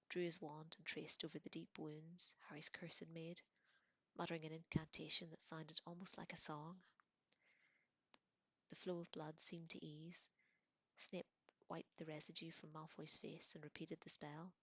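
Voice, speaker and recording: Woman reading a novel aloud, low voice, dramatic with hushed whispers, dry close recording. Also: no room sound. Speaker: reader.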